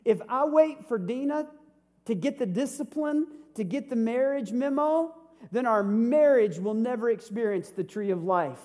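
A man in his fifties preaches with a notably high, bright voice. He keeps it lively, tossing out rhetorical questions and jokes as a pastor addressing his church. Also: normal speed. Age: 50s. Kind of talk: sermon.

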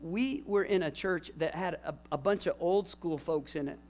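A middle-aged male pastor delivering an impassioned sermon, dropping to a hush and then building to shouts. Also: fairly high pitch, normal speed. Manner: impassioned preaching, swings from hushed to shouting.

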